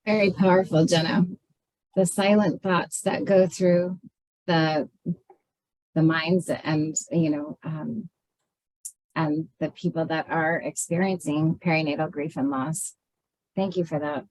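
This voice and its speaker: A woman's voice: low voice, fairly even intonation, slow pace, darkish tone, no echo, low-quality recording. A woman presenting in a webinar over a video call, conversational, with frequent fillers. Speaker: program director presenting to peers.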